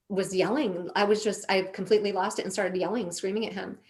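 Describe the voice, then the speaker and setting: Middle-aged lady guest, earnest and emotional, lots of restarts, middle pitch. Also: steady tone, fairly quick, hardly any pauses. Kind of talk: personal storytelling in conversation.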